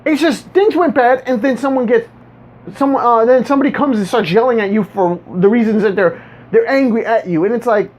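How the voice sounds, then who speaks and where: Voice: medium pitch, fairly quick, darkish tone. A vlogger ranting casually to viewers, rambling and stumbling over repeated words with a sarcastic edge. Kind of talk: casual monologue rant. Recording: dull lo-fi recording.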